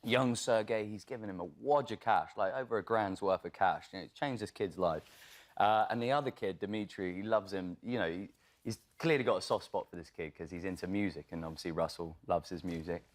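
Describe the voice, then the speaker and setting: A man who is an actor, a guest on a talk show, telling an animated story and laughing often. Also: deep voice, brisk.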